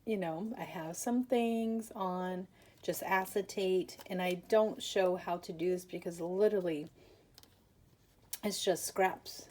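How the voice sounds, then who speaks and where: This tired, yawning woman runs an easygoing papercraft tutorial, chattering with plenty of fillers and self-deprecating remarks. She speaks slowly in a fairly low, slightly mellow voice.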